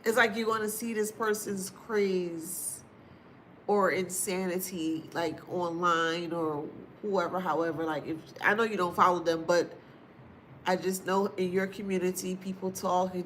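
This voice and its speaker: Over slight background noise, a woman with a lowish, fairly bright voice and fairly even intonation gives her viewers a casual spiritual reading. The astrology or tarot reader is chatty and informal, repeating phrases for emphasis, drifting into drawn-out asides and laughing often.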